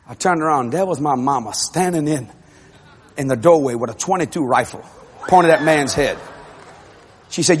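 A man preaching to a congregation, telling a childhood story with animated shouts and laughter. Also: on the high side, quick pace, a crowd in the background, noisy background. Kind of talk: humorous sermon storytelling.

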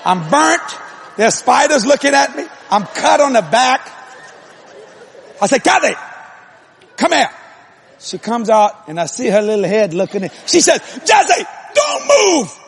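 A male preacher telling a comic story in his sermon, animated and acting out every voice, with an audience behind him. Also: high-pitched, normal speed, vocal fry, breathy edge, a faint crowd. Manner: animated, acts out every voice, hollers.

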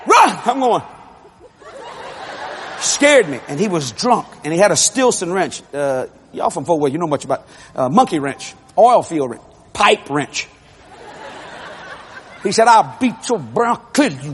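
A man preaching with a high, lively voice that leaps up and down as he acts out a story from the pulpit. He shouts and laughs his way through it. A faint hiss of noise sits under the recording. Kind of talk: humorous sermon storytelling.

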